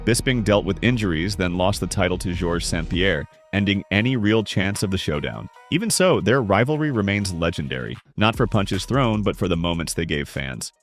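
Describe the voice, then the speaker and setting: A man with a fairly low voice narrates a sports documentary, his intonation rising and falling expressively. Soft music plays beneath his dramatic script. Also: animated, normal speed, few pauses. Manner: dramatic, storytelling.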